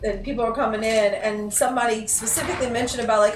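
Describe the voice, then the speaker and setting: A woman co-hosting a live board game stream, chatting in a bubbly, playful way. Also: a little high. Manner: bubbly, playful, quick interjections. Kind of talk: casual chat. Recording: roomy, distant mic, background noise.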